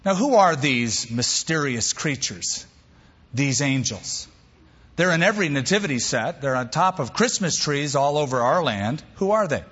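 A man's voice: expressive, normal speed, a bit bright, slightly rough. Male pastor, emphatic sermon delivery, muffled lo-fi recording with long reverb. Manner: emphatic, varies pace and pitch for stress. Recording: long hall reverb, dull lo-fi sound.

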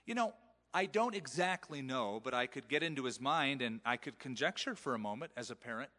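A man's voice: mid-range voice, lively intonation, a little fast, bright, forceful tone, big-room sound. A male pastor preaching in a conversational sermon style, acting out the quoted voices of parents. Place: church sanctuary.

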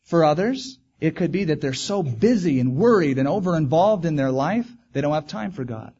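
Man, pastor, sermon, emphatic, higher pitch, muffled lo-fi recording. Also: expressive, normal speed, warm tone, slightly rough. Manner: earnest, emphatic, repeats key phrases.

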